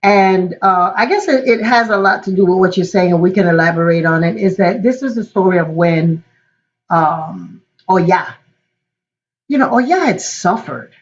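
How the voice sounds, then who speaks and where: Animated woman teaching through a story. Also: fairly low pitch, normal speed. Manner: animated, acts out the quotes. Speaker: spiritual teacher and godmother. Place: Florida. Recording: dull lo-fi call audio.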